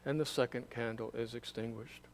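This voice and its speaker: A man reading scripture aloud at a candle service, in a measured, solemn way. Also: medium pitch, steady tone, slight background noise. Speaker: scripture reader.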